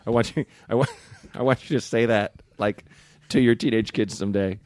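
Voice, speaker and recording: A young man co-hosting a comedy podcast, riffing crude, playful jokes and dropping into quick put-on voices. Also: on the low side, steady tone, darkish tone. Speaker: podcast co-host. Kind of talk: casual comedic banter.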